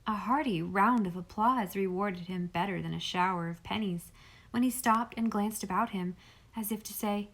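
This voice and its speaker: A woman reading a classic novel aloud as an audiobook narrator, with gentle, even storytelling. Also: medium pitch, moderate pace. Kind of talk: scripted narration.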